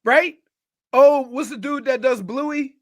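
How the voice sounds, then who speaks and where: A man co-hosting a radio show in casual chat, animated and rambling, often trailing off and restarting. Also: extremely high pitch, slow pace. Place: radio studio.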